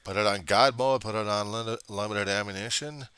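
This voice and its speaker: A man rants into a webcam at home, rambling, sarcastic and quick to swear. His voice sits low and has a bright, forceful edge. The room sounds dry and close. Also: fairly even intonation, smooth, no echo.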